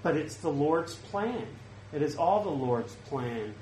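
A man's voice: on the high side, expressive, slow pace, a little mellow, slight background noise. A man preaching an earnest, conversational sermon at a church service. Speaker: pastor. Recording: roomy, faint ambience.

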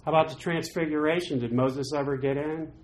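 A man teaching through Bible passages in a chatty, animated way, with quick asides. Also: a little high.

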